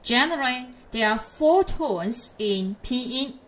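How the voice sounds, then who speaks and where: A woman's voice: fairly high pitch, animated, a bit bright. A woman teaching a pinyin lesson in English, patiently modelling each syllable for learners to repeat. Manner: slow, patient, drawn-out model syllables for repetition. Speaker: Chinese teacher.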